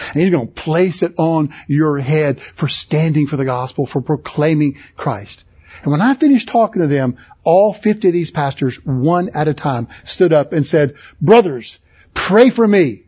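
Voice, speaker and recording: A man's voice: a little high, dark tone, breathy edge, lo-fi sound. A man preaching a sermon at a conference, impassioned and building to emphatic peaks. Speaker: pastor. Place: conference hall.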